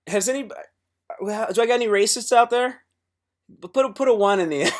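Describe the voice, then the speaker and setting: Male streamer with a raised pitch and a swearing, restart-heavy delivery. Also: normal speed, pauses often. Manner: profane, rambling, with many restarts. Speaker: livestreamer. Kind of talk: casual livestream chat.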